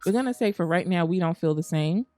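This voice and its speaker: A woman's voice: fairly low pitch, animated, quick pace, darkish tone, faint music behind. A woman hosting a gaming channel, chatting casually through gameplay and saying things like "y'all" and "girl".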